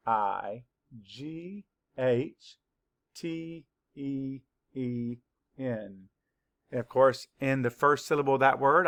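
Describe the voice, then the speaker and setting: A man teaching a children's spelling lesson, spelling words slowly, letter by letter, with clear, patient instructions. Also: medium pitch, fairly bright tone. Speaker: third-grade teacher.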